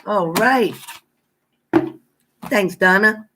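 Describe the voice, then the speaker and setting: A tarot reader talks casually to a live-stream audience in a plain, straight-talking way. The voice is playful and quick to laugh as it greets viewers one by one. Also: medium pitch, background noise. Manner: chatty, greets viewers by name; laughs often, playful banter.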